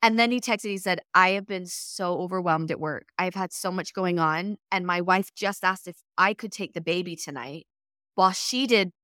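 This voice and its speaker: A woman telling a story casually in a conversation, lively and laughing as she acts out the quoted texts. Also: lowish voice, normal speed, no echo, studio quality.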